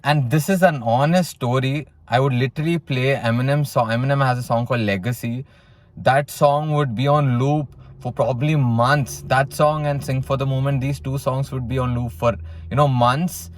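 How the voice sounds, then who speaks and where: A man's voice: medium pitch, steady tone, moderate pace. A young man from South India casually telling a personal story in a blunt way, full of swearing and "you know". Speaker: vlogger telling his story.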